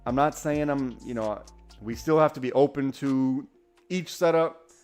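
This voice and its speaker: A man hosting a live trading stream, talking casually and excitedly, often restarting his sentences. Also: medium pitch, unhurried, faint music behind. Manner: enthusiastic, rambling, self-correcting. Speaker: day-trading livestream host.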